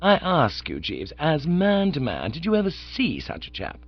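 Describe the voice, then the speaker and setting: A man's voice: on the high side, huge pitch swings, moderate pace, pitched above the performer's own voice, full character voice. A man voicing a breezy, easily flustered young upper-class idler who sounds exasperated, in a dull, dry recording.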